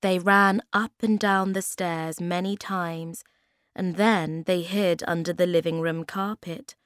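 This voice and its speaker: A woman reading a children's storybook aloud in a slow, clear, expressive way. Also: on the low side, no room sound, studio quality.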